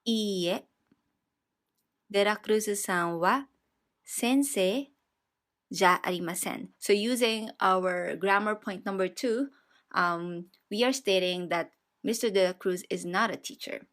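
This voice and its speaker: A woman teaching a beginner Japanese grammar lesson, explaining patiently and repeating each example sentence slowly. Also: mid-range voice, a bit bright. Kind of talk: slow, step-by-step grammar lesson.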